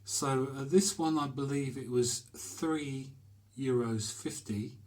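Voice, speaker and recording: A man's voice: medium pitch, takes it slowly, a little mellow. A man talking casually to camera in a small bathroom, chatty and hesitant, with many fillers as he describes a shaving brush. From Britain. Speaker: shaving vlogger.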